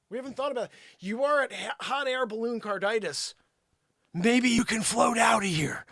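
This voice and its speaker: A man hosting an improvised comedy news segment, yelling at an unseen listener and then dropping to mutters. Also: very high-pitched, dry recording. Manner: yells at an unseen listener, swinging from shouts to mutters. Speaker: comedy show host.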